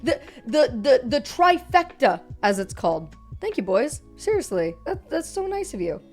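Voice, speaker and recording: A young woman streams from her desk mic, her higher voice swooping all over as she jokes and swears. She sounds a little worn from long streams. Faint music plays underneath. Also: normal speed. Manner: animated, swearing, laughing, playful. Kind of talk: casual live-stream chat.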